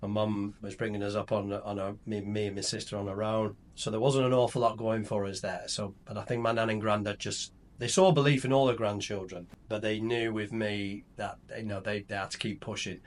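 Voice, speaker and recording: A man's voice: fairly low pitch, a little fast, few pauses. A middle-aged man, a company founder chatting casually on a podcast, rambling and telling stories with many restarts. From England. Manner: relaxed, rambling storyteller with restarts.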